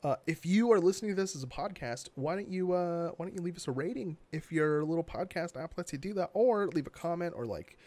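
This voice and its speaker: Young male podcast co-host, slightly high pitch, sarcastic and profane, loose casual delivery. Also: animated, fairly quick, hardly any pauses, a little mellow. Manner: blunt and sarcastic, swears freely. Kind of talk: casual gaming news chat.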